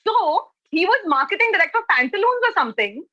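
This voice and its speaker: A young woman tells stories as a podcast guest on a remote call. Her voice is high and bright, with a dry, close sound. She talks in a loose, chatty way and swears casually. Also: very animated, fast, no room sound, lo-fi sound. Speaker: guest, comedian.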